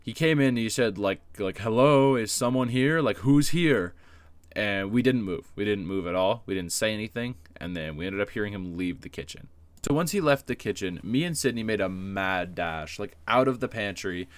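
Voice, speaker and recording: A man's voice: lowish voice, animated, fairly quick. A man telling a personal story in a casual vlog, rambling with lots of fillers and swearing, self-deprecating. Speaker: YouTuber.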